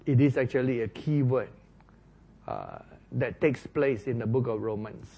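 A man preaching a sermon, explaining Bible verses slowly and stressing key words, often asking the listeners questions. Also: medium pitch, vocal fry, slightly rough. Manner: slow, emphatic, rising to loud stresses on key words.

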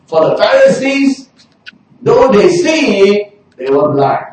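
A man preaching with a high voice that leaps up and down as he drives his points home. He often breaks into shouts. He sounds far from the mic in a very echoey hall with faint noise behind. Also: slow. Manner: animated, bursts into shouting for emphasis. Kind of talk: sermon.

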